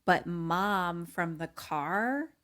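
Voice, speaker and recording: A woman's voice: drawn-out words, a little hiss or hum. A young woman co-hosting a casual podcast, retelling a film scene by scene and acting out the characters' lines, with many fillers. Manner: animated storytelling, acts out lines in a higher voice, many "like" fillers. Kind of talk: casual chat.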